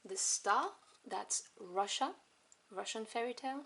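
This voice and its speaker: A woman casually reviewing a tarot deck at home, chatty and enthusiastic, with soft asides as she flips through the cards. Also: mid-range voice, unhurried, vocal fry. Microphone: camera on tripod. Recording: noisy home recording with clicks.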